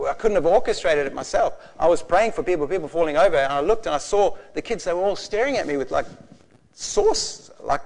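A man in his forties preaching a sermon, passionate and animated, telling stories with bursts of laughter. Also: a little high. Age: 40s. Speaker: pastor.

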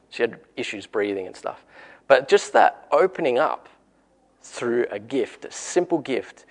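Man, australian accent, gravelly voice, conversational sermon, encouraging storyteller. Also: lowish voice. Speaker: preacher.

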